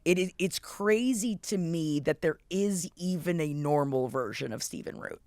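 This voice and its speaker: A podcast co-host chatting casually, excitable and rambling, leaning on "like" as thoughts pile up. The voice sits in a middle pitch. It is recorded close with a dry, dead sound. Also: normal speed, smooth, dry recording. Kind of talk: casual chat.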